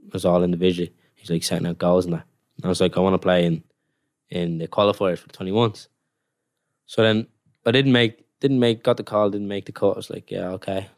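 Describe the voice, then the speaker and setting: A man's voice: low-pitched, no room sound, clean studio sound. A young man, a professional footballer, telling stories in a rambling, casual way full of "like"s. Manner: rambling storytelling with many "like"s. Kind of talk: casual podcast chat.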